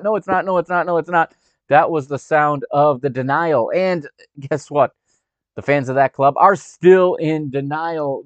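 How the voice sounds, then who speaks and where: A man hosts his sports podcast with a brash, mocking edge, poking sarcastic fun as he talks. His voice sits a touch high. The sound is dry and close, recorded at his workplace. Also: no room sound, dull audio. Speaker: podcast host.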